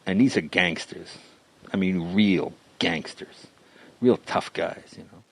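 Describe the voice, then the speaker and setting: A man's voice: low-pitched, slow, vocal fry, husky, no echo. A man in his sixties, a guest comedian, telling anecdotes in a casual podcast chat. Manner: animated, anecdotal storyteller.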